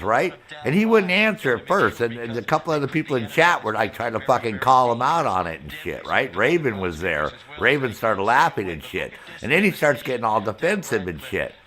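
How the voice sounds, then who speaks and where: A man's voice: medium pitch, normal speed. A man streaming a game, telling his chat an angry story about a clan member, quoting both sides and cursing heavily. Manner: heavy cursing, animated storytelling with quoted back-and-forth. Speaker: gaming streamer.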